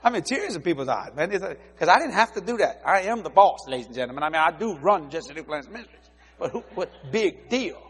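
A middle-aged male preacher tells a story from the pulpit with lots of animation. He acts out the dialogue and laughs as he goes, his voice sitting a bit high for a man. A long reverb from a large hall trails each phrase. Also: big pitch swings, fast. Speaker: preacher, head of a ministry. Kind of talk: storytelling sermon.

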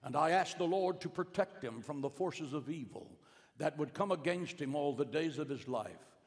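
Man, middle-aged pastor, fairly high voice, dramatic sermon delivery, long hall reverb. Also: animated, moderate pace. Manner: dramatic, swings from hushed to emphatic. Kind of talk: sermon storytelling.

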